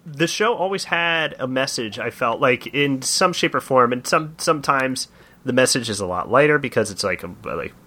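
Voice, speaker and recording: A young man co-hosting a casual podcast chat, animated and laughing often. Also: mid-range voice, normal speed. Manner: animated, laughs often, quotes in funny voices. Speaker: podcast co-host.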